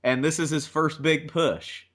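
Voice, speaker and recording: A man's voice: on the high side, steady tone, a little slow, a bit bright. Joking, sarcastic man hosting a podcast. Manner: joking, sarcastic, swears casually. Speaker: podcast host. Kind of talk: casual chat.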